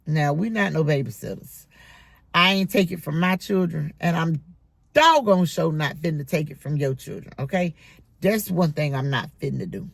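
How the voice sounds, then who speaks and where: Middle-aged bus driver vlogging, firm and scolding, gravelly fry in the voice. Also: mid-range voice, lively intonation, moderate pace, no room sound. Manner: scolding, emphatic, repetitive. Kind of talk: casual monologue vlog.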